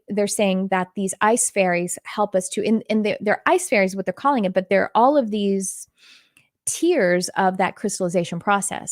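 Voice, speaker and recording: A woman's voice: mid-range voice, a little mellow, dry recording, clean studio sound. A woman from Texas with a faint Texan accent, teaching about spirits in a casual, rambling way with many fillers and restarts. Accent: Texan, mostly faded.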